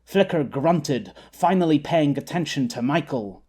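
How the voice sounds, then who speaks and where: Husky male audiobook narrator. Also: on the high side, a little mellow. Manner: measured storytelling. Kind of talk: scripted narration.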